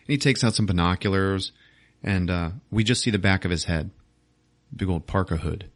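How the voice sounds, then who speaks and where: A man hosting a podcast retells a film's plot casually, swearing freely and breaking into silly character voices. His voice is low-pitched, and the recording has no echo.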